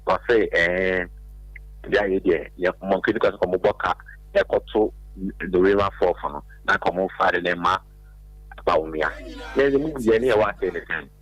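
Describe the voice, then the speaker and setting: A man's voice: low voice, normal speed, a bit bright, no room sound. A Ghanaian man calling into a radio show, rambling hesitantly. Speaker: caller. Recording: dull phone line with faint music.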